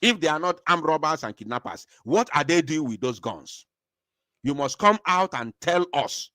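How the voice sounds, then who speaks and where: A man's voice: on the high side, big pitch swings, moderate pace, sharp tone, no room sound, clean studio sound. A man with an Igbo-accented Nigerian English voice giving impassioned commentary as a show host, angry and repeating phrases for emphasis.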